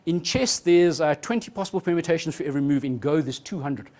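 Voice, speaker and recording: A man giving a fast, joking live keynote talk as a futurist, quizzing the audience from a conference stage. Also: a little high, darkish tone.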